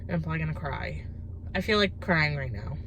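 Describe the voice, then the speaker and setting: Young woman chatting to her camera, kinda low voice, lots of fillers, noisy background. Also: animated, brisk. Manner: chatty, rambling with many fillers. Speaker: vlogger. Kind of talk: casual vlog talk to camera. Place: kitchen and parked car.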